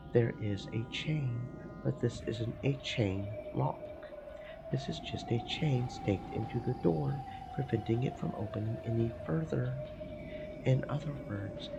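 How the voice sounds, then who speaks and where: A man streaming a let's play, reading first-person visual novel narration aloud in a slow, emotive way with game music behind. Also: mid-range voice, gravelly. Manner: slow, emotive reading that swells into panicked repetition.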